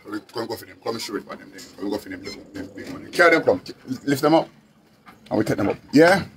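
A man's voice: medium pitch, animated, quick pace, fairly bright tone, slight background noise. A Jamaican man hosting a live stream to sell chickens, talking casually in patois and repeating his phrases.

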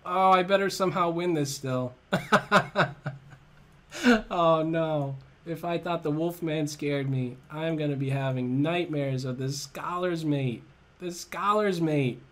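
A middle-aged man giving live chess stream commentary, excitable, talking to himself and breaking into frequent laughter. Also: on the high side, slow pace.

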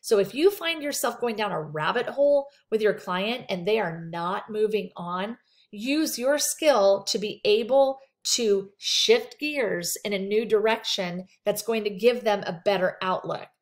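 A woman's voice: mid-range voice, measured pace. A woman teaching a counseling skills lecture, reading points off slides and adding casual asides from her practice. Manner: conversational, talks through slides with asides. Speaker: counseling instructor.

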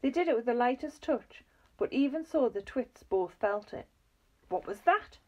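Children's book reader, woman, fairly high, lively and expressive. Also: normal speed. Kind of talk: reading a children's book aloud.

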